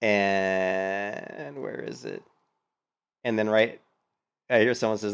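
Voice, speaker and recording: A man giving casual, rambling gaming commentary, animated, with lots of fillers and some swearing. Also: on the low side, slow pace, vocal fry, clear, resonant tone. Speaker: gaming streamer commentating on a hardcore game run.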